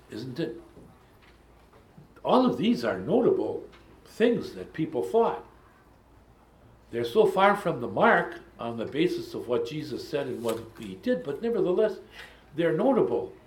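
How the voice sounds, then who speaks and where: A man leads a Bible study in a lecture style, at a mid-range pitch. He muses along, stops for frequent ums and wanders into asides. His voice rings back from a roomy, echoey space. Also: big pitch swings, slow pace, pauses often, slight background noise.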